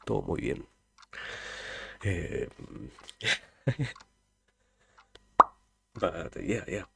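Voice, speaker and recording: A man's voice: low-pitched, drawn-out words, vocal fry, breathy edge, no room sound. A man from Argentina with an Argentine Spanish accent, chatting casually with viewers as a streamer, hesitant with many fillers and restarts.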